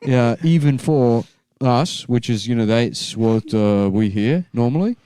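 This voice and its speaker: A man's voice: mid-range voice, expressive, a little slow, dark tone. A man co-hosting a casual comedy podcast, dry and joking. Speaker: podcast co-host.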